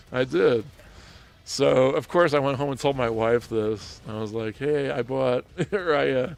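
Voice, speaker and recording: A man's voice: medium pitch, gravelly. Laughing man telling a casual story. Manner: chatty, laughs often, many restarts. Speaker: streamer host. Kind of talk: casual storytelling on a gaming livestream.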